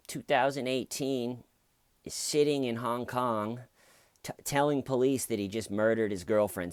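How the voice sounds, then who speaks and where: Low-voiced man with jokey sarcasm. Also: dry recording. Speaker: true crime vlogger. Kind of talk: casual storytelling commentary.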